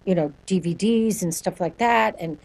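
A woman speaking as a sonic branding guest in an interview, answering in a quick, animated way and laughing often. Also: fairly low pitch, creaky, rough recording.

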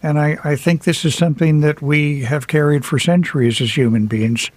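A man's voice: fairly high pitch, steady tone, moderate pace, darkish tone, dry recording. A man who wrote a book, guest on a radio interview, telling personal stories in a reflective way with some light humor. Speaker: author guest. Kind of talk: radio interview, casual storytelling.

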